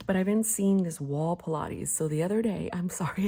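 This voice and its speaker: A woman's voice: on the low side, a little fast, hardly any pauses, husky. A woman in her forties chatting casually and giggling as she sets up her planner, sometimes dropping to a whisper. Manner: giggly, chatty, often drops to a soft whisper. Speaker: planner vlogger. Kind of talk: casual chat while crafting.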